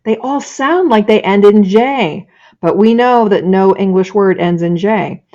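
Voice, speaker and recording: Woman teacher educator, screencast demo from her office; unhurried classroom delivery, muffled webcam sound. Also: medium pitch, a little mellow. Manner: slow, deliberate classroom modeling, drawing out sounds. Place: home office. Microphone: webcam or laptop microphone.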